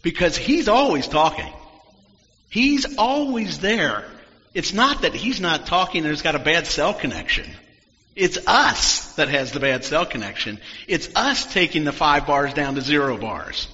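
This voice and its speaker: Bright-voiced man preaching in a hall. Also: a little high, very animated, unhurried. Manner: reflective storytelling, dropping to near-whispers. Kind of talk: sermon. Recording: dull sound in a long-reverb hall.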